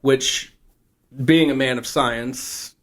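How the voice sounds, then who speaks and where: A man's voice: mid-range voice, steady tone, drawn-out words. A young man co-hosting a podcast, casually retelling an old TV show's plot at a loose, rambling pace and slipping into the characters' lines as he goes. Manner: rambling storyteller, acts out scenes. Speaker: podcast co-host. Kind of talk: casual chat recapping a TV show.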